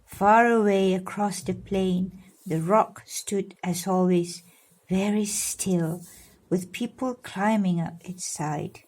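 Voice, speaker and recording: A woman reading a storybook aloud to her godchildren, pausing to explain and coax them with questions. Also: medium pitch, steady tone. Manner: warm, coaxing, explains and asks children questions. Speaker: godmother reading to children.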